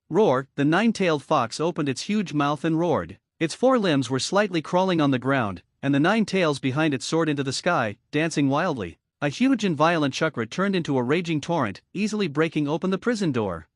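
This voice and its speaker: A man narrating an anime story recap in an even, flat reading. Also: fairly high pitch, dry recording, clean studio sound.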